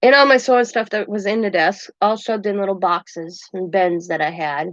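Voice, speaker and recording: A woman's voice: medium pitch, steady tone, moderate pace, fairly bright tone, dry recording. An older woman hosting a craft channel, chatting in a rambling, meandering way at home and chuckling often. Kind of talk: casual rambling chat. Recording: dull dry lo-fi sound.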